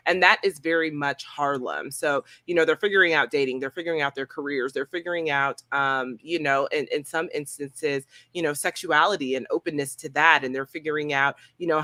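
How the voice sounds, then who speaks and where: Woman critic, casual roundtable review, bright forceful tone, dry close sound, slangy and animated. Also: low voice, no room sound. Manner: animated, slangy, laughs often. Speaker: film and TV critic.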